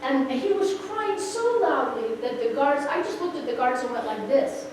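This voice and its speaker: A middle-aged woman telling a personal testimony with expressive, story-driven delivery. She acts out the people in her story and her voice rises sharply at emotional moments. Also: sits high, moderate pace. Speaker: speaker sharing a personal testimony. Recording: echoey room, far from the mic, background noise.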